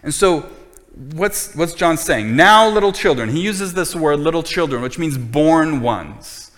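A man's voice: on the high side, animated, unhurried, a bit bright, long reverb tail. A man preaching a sermon as pastor, earnest and emphatic, often repeating his points.

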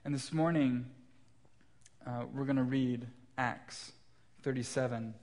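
A man's voice: medium pitch, fairly even intonation, takes it slowly, darkish tone. A man in his thirties, a pastor preaching a sermon in a church, telling stories about his young kids with light self-deprecating humor. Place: church sanctuary.

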